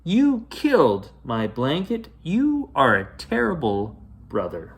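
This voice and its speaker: A man's voice: fairly high pitch, huge pitch swings, takes it slowly, pitched above the performer's own voice, exaggerated voice. A man voicing an upset six-year-old girl who shrieks and wails in a read-aloud storybook. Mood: screaming tantrum. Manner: shrieking, crying out. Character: upset little girl, six, screaming and wailing.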